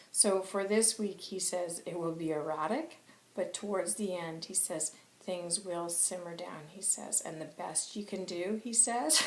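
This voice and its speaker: Woman intuitive reader, slow and halting, soft-spoken, roomy echo around her. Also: fairly low pitch. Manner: relays her spirit guide's words in a halting, soft-spoken way. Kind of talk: channeled spiritual reading.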